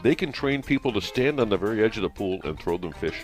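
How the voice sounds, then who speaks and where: A man's voice: fairly low pitch, expressive, fast, soft background music. A man co-hosting a radio show, telling jokes with hesitant fillers and laughing along. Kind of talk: joke-telling radio banter. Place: radio studio.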